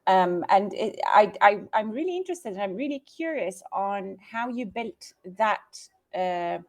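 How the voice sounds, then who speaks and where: A woman's voice: medium pitch, expressive, measured pace, darkish tone. A woman from London with a London English accent, tutoring on a video call, encouraging and generous with praise, with hesitant fillers. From London, England. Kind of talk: casual video call conversation.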